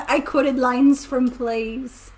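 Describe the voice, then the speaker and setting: High-pitched lady chatting slow and goofy, laughs a lot. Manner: playful, laughs often, excitable. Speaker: host. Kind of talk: casual chat learning Swedish words.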